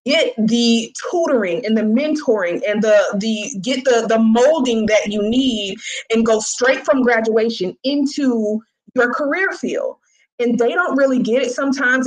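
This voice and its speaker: Animated woman teacher telling stories. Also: fairly high pitch, low-quality recording. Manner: animated, acts out quotes in raised voices. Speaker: high school senior teacher. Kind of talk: casual storytelling talk.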